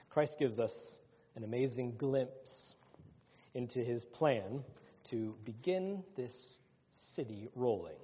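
A man preaching a sermon to his congregation, swinging between loud, rising lines and hushed ones. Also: mid-range voice, breathy edge. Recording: phone-like sound in a large hall.

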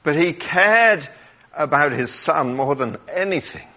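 A man preaching a sermon in an earnest voice, dropping low and quiet when he quotes Jesus. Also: lively intonation, unhurried, muffled recording. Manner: earnest, drops to a hush when quoting, gets emotional.

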